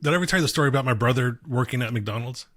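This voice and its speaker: A man co-hosting a casual podcast, telling a story in a relaxed way with swearing and laughs. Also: mid-range voice, racing. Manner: laid-back, swears, laughs through stories. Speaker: podcast co-host.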